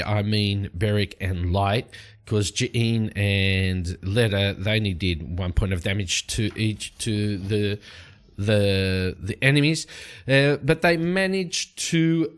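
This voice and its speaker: A young man narrates his solo roleplaying session at an unhurried pace in a lowish voice. He rambles, restarts sentences and fills pauses with ums while he works out what happens next. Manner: rambling, many fillers and restarts. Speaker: solo tabletop game narrator.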